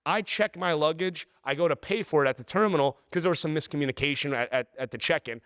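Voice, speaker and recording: A man with a fairly high, clear and smooth voice tells a story on a podcast with exasperated energy. His voice is close and dry, with no room sound. He talks casually, as if to a friend. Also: fast, a bit bright, no room sound. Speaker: podcast host.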